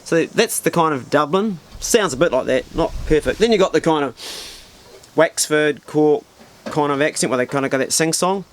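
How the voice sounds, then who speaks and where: Speaking a little fast with vocal fry, a middle-aged storyteller and channel host recounts a profane, vivid personal tale in casual speech. His medium-pitched voice sounds animated and colourful.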